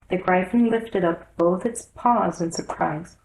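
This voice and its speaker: A woman reading a classic children's novel aloud as a storyteller, in measured narration. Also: fairly low pitch, little pitch movement, a little mellow, reverberant, rough recording.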